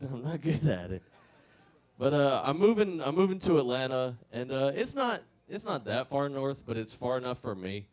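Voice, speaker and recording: A man's voice: medium pitch, very animated, moderate pace. A young man from Savannah, Georgia, doing a rambling, self-deprecating stand-up set on a comedy club stage into a handheld mic.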